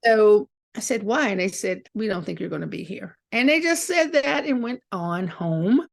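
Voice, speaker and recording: A woman's voice: medium pitch, moderate pace, gravelly. A middle-aged woman, a guest on an interview show, telling stories animatedly and acting out the voices of the people in them. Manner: animated storyteller acting out quoted dialogue. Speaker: guest, author. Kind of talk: storytelling interview.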